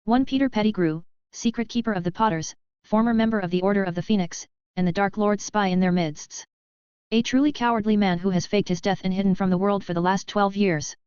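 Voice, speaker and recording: A woman voicing a calm, knowing young male leader who speaks in a measured way. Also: mid-range voice, smooth, no room sound, highs cut off, natural voice.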